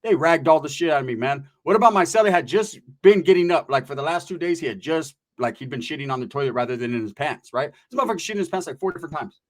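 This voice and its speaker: A man from California telling a story in casual chat, with rapid, profane, animated street slang. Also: on the high side.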